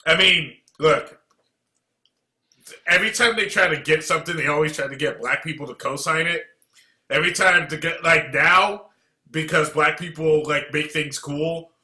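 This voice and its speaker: A man hosting a comedy podcast, his voice very bright and a bit high. He talks in an animated, opinionated way, and the room around him is echoey. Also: normal speed. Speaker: podcast host. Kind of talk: casual chat.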